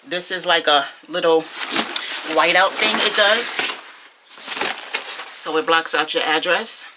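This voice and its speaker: A young woman chatting to her viewers at home, telling a story in an animated, gossipy way and calling them y'all. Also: fairly low pitch, slow pace, heavy background noise. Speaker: vlogger. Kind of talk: casual chatty vlog storytelling. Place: at home, indoors.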